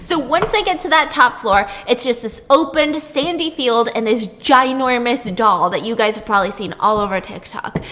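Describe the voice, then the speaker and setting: Animated woman with a bright, high voice. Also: moderate pace, few pauses, long reverb tail. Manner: animated, chatty storytelling with frequent "like". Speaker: podcast co-host recapping a show. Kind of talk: casual chat, retelling a plot.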